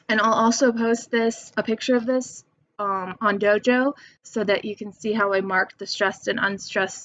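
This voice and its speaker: A woman's voice: on the high side, dry recording. A young adult woman teacher giving a recorded lesson, patiently reading verse aloud and counting out its stressed syllables. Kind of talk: recorded remote lesson for students. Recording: dull lo-fi home recording.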